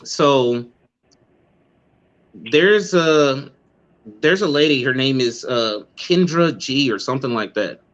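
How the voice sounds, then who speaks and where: A man's voice: mid-range voice, animated, slow pace, long pauses, fairly bright tone, highs cut off. A man hosting an online talk show, chatting casually and telling a story with many restarts.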